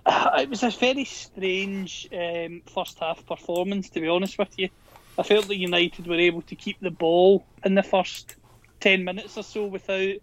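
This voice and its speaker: A man, co-hosting a podcast and giving candid, measured football analysis with frequent restarts. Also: high-pitched, a bit bright, a little hiss or hum, poor audio. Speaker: podcast co-host. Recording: volume going up and down.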